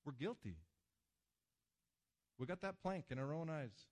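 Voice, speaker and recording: A man's voice: on the high side, lively intonation, measured pace. Emphatic male pastor preaching. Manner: emphatic, dramatic swings between loud and hushed. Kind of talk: sermon with slides.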